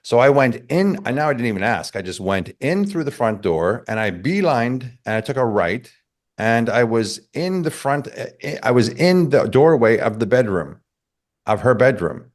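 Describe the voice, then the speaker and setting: A man telling a personal story in a casual chat, animated and acting out the quotes. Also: medium pitch.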